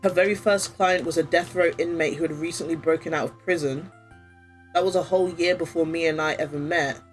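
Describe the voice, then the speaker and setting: A woman's voice: low voice, steady tone, fairly quick, soft background music, close to an everyday voice, rough recording. A woman reading the lines of a young male lawyer who recalls an old case, in plain reflective narration.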